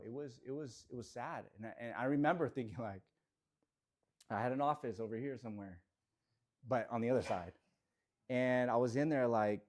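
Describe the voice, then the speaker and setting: A man leading a real estate team in a motivational talk, energetic and swinging from quiet reflection to shouted affirmations, in an office. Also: mid-range voice, brisk.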